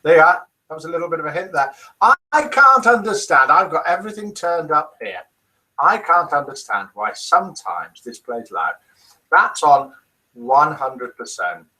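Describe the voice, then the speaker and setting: Lively man hosting a chat stream. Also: on the high side. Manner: reads out viewers' comments and guesses aloud. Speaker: host of a live daily chat stream. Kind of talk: casual live-stream chat.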